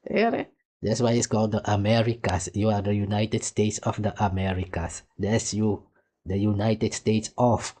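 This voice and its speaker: A man with a somewhat low voice delivers heated reaction commentary. He is mocking and argumentative, throwing insults as he picks apart a clip. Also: level tone, moderate pace, dark tone. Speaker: commentary host reacting to clips.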